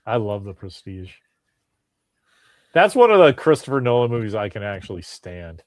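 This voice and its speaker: A man's voice: fairly low pitch, normal speed, no echo. A man hosting a podcast in casual chat, telling stories with animation and acting out what people said. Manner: animated storyteller, acts out quoted voices. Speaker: podcast host.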